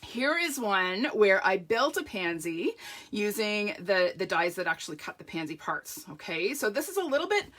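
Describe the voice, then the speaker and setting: Casting note: woman, live craft demo host, bright, crisp voice, gushing and chatty, greets viewers by name. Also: medium pitch, big pitch swings, moderate pace. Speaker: paper-craft demonstrator hosting a live launch party. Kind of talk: casual live demo chat.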